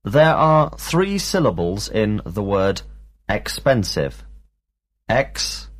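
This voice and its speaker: Man, language teacher, deliberate drill delivery, husky, lively pitch. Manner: slow, deliberate, enunciating each word. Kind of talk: scripted drill lesson.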